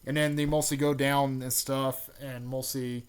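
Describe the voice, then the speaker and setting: A man casually recapping a fan-made story, rambling with lots of fillers and restarts, and with excited bursts on the action beats. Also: medium pitch, normal speed, clear, resonant tone.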